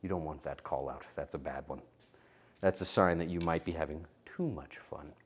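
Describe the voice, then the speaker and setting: A man's voice: extremely low pitch, moderate pace. A male streamer chatting casually with his viewers while cooking, playful and joking. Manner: playful, joking banter with chat.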